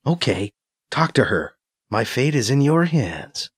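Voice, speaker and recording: A man's voice: medium pitch, big pitch swings, a little slow, husky, no room sound, clean studio sound. A man voicing a sullen, defiant young woman prisoner in an audiobook, curt, defensive and sarcastic. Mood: subdued. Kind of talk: audiobook character voice.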